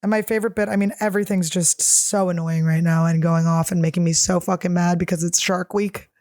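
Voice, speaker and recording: A woman comedian in her thirties reads out listener questions and rambles through blunt, crude, self-mocking answers. Her voice sits on the low side for a woman. The recording is dry and close, with no room sound. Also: steady tone, a little fast, darkish tone, no room sound. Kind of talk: casual solo chat.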